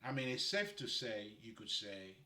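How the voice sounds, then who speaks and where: A man's voice: fairly low pitch, very animated, moderate pace, sharp tone. A man from Haiti giving casual spiritual guidance, rambling and laughing often as he talks. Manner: laid-back, rambling, frequent laughter. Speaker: spiritual guide. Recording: roomy echo.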